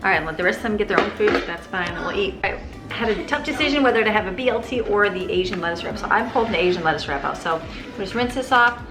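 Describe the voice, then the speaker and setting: Fast-talking mom chatting through her day. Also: medium pitch, expressive, over music. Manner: chatty, narrates her chores as she goes. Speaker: vlogger, homeschooling mother. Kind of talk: casual day-in-the-life vlog. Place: car, home and kitchen. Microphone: handheld camera.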